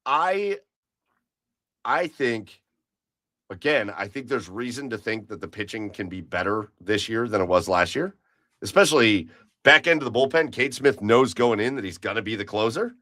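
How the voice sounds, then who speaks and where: A man's voice: fairly low pitch, lively intonation, moderate pace, sharp tone, no echo. A man co-hosting a podcast, chatting casually about baseball in a rambling way, full of restarts. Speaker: podcast co-host. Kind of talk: casual sports chat.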